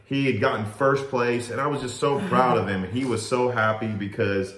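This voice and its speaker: A man in his thirties co-hosting a family podcast and coaching youth wrestling, telling stories in a steady, earnest way. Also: medium pitch, normal speed, reverberant. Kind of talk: casual chat.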